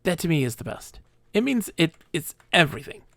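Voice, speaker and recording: A man's voice: a little high, big pitch swings, a little fast, gravelly, a bit bright, no room sound. A man streaming a game live, rambling enthusiastically and laughing often between thoughts.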